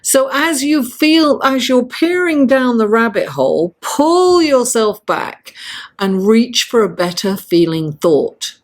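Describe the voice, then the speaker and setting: A woman giving a chatty, encouraging tarot reading straight to her viewers, laughing often and speaking in a lively, motivational way. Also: a little high, slow. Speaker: astrology and tarot reader. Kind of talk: casual tarot reading to camera.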